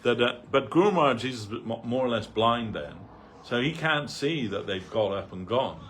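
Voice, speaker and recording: A man's voice: medium pitch, lively intonation, moderate pace, a bit bright, a little hiss or hum. A man giving a loose, anecdotal talk on a spiritual reading, full of "like" and "you know". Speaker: devotee speaker. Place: temple hall.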